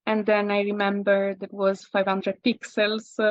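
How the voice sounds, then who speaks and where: Italian woman, flat halting English. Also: mid-range voice, dry recording, dull audio. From Italy. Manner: halting non-native English with frequent fillers and self-corrections. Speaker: guest landscape photographer. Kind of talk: casual interview.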